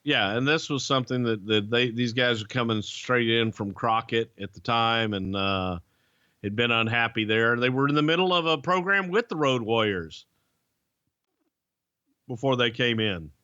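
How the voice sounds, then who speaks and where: A man hosting a casual chat, telling stories in a loose, profane, animated way. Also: medium pitch, moderate pace, clean tone, no room sound, dull audio. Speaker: podcast host.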